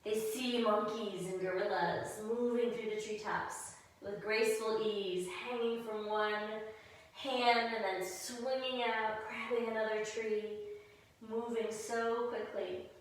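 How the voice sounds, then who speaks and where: A woman's voice: on the high side, steady tone, slow. Woman telling a yoga story in an echoey room. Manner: gentle, storytelling, giving pose cues. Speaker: kids' yoga teacher. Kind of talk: guided kids' yoga storytelling. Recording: very echoey room, voice far from mic.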